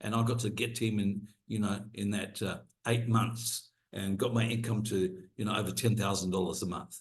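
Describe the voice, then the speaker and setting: A man's voice: lowish voice, fairly even intonation, moderate pace. A middle-aged man coaching his team on a video call, earnest and promising, with frequent restarts. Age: 40s or older. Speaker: co-host, business coach. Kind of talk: motivational call talk.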